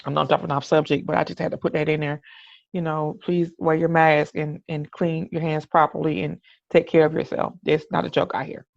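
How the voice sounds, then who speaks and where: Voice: medium pitch, flat delivery, fairly quick, creaky, no room sound. A middle-aged podcast host in a candid personal monologue, talking earnestly, often restarting and saying "you know what I'm saying". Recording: dull, dry lo-fi recording.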